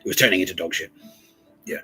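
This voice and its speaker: Bright-voiced profane man rambling. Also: low voice, quick pace, slightly rough, soft background music, rough recording. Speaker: podcast host. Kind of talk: rambling comedic monologue.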